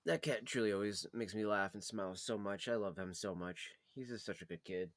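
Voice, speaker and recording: Relaxed rambling man hosting a stream. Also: lowish voice, a little fast, no room sound, clean studio sound. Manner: rambling, filler-heavy, relaxed. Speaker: pipe smoking channel host. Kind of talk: casual livestream chat.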